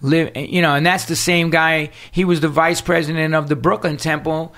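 A man's voice: a little high, little pitch movement, normal speed, a bit bright. A man, a guest telling a story in casual conversation, streetwise and full of cursing, acting out the people he quotes. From New York City.

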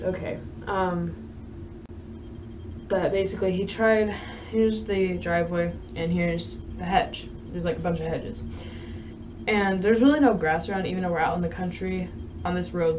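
A young woman talks straight to her camera, winding through a story with lots of ums and little laughs. Her voice sits fairly low for a woman, and there's a faint hiss under it. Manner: rambling, halting, with many fillers and soft laughs. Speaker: vlogger and horse rider.

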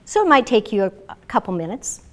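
A middle-aged woman, founder of a self-care method, calmly guides listeners through exercises and tells stories with enthusiasm. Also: medium pitch, fast. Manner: calm, guiding, enthusiastic. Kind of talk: guided instruction and storytelling.

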